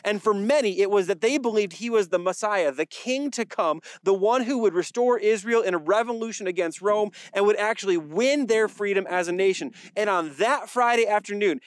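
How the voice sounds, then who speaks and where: Male pastor, high voice, conversational sermon delivery with wry asides, dry recording. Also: a little fast, few pauses, no room sound. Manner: conversational preaching with dry jokes and repeated phrases.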